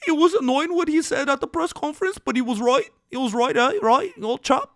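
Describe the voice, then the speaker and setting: Guy putting on a high, loud mock british fighter talking to himself in the mirror, over-the-top accent, keeps tacking on questions. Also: expressive, a little fast, no echo, studio quality. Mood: mock-tearful. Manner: clumsy exaggerated British accent, repeating tag questions.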